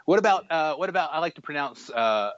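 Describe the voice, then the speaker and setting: A man co-hosting a podcast in casual chat, halting often with fillers and restarts. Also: fairly high pitch, animated, dry recording. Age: adult. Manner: hesitant, restarts and fillers, chuckling. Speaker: podcast co-host. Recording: dull lo-fi dry sound.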